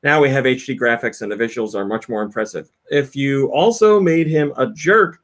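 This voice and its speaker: A man's voice: mid-range voice, moderate pace, fairly bright tone. A man hosting a casual podcast, reading out news and telling stories with frequent laughs. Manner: reads out quotes and news, laughs often. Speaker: podcast host.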